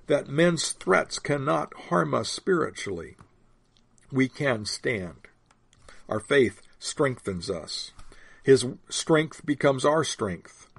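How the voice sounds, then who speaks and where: A man preaching a sermon, explaining scripture in a measured teaching manner that slows to stress key phrases. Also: mid-range voice, lively intonation, gravelly, fairly bright tone, breathy edge, no room sound.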